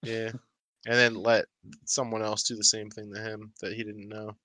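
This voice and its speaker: A man who works as a substance abuse specialist, cracking dark jokes in casual podcast chat. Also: fairly low pitch, completely flat delivery, normal speed, no echo. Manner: dark, joking humor.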